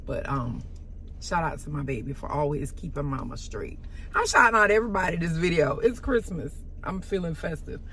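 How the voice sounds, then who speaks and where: A woman telling a story in a casual vlog, sassy and animated, with sudden loud exclamations and soft asides. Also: low-pitched, moderate pace, slight background noise.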